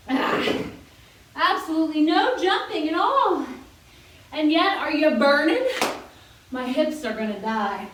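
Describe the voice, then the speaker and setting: A woman's voice: sits high, expressive, unhurried, a bit bright, a little hiss or hum. A young woman leading a senior workout class as a fitness instructor, chatty, joking and encouraging while she exercises along. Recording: very echoey room, voice from far off.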